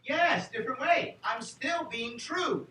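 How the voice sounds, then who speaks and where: Bright, animated New man in a hall. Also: very high voice, slow. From New York City. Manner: animated, joking, fires rhetorical questions at the crowd. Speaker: convention speaker. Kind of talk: political convention speech. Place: convention hall. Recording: echoey hall, far from the mic, faint noise.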